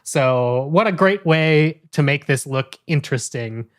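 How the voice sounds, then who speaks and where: A man's voice: fairly high pitch, lively intonation, a little slow. A man co-hosting a podcast, talking enthusiastically in casual chat with frequent fillers. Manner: enthusiastic, talkative, with many fillers. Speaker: podcast co-host.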